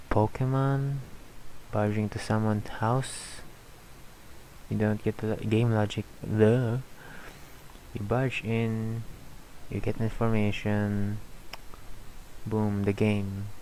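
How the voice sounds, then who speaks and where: A man's voice: on the low side, mellow, a little hiss or hum, rough recording. A tired man casually commenting on his gameplay, mumbling asides and reading game text aloud. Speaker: let's play gamer.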